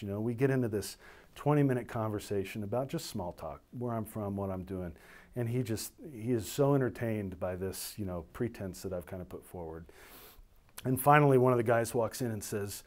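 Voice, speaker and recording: A middle-aged man, a military officer, recounting a personal story in an animated way, slipping into the voices of the people he describes. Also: lowish voice, a little fast. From United States. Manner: animated storytelling, voicing others in dialogue.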